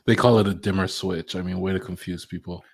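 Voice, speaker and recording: A man's voice: low-pitched, fairly even intonation, brisk, vocal fry, slightly rough, no echo. A man co-hosting a home tech podcast, joking around in laid-back casual chat. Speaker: podcast co-host.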